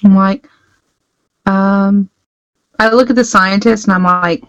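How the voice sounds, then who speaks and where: A woman's voice: mid-range voice, steady tone, takes it slowly, dry recording, muffled recording. Woman player, chatty, dry close sound, tabletop game. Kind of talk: casual tabletop play.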